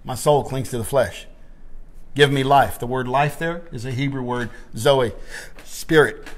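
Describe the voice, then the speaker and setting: A man's voice: mid-range voice, a little slow. A man preaching and praying fervently, repeating short phrases. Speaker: pastor.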